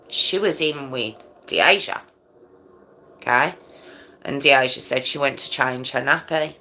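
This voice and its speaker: Woman, middle-aged, true crime host: bright, forceful delivery, chatty and emotive, keeps asking "okay?". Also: deep voice. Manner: conversational, checks in with "okay?", shocked and emotive. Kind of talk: true crime commentary monologue.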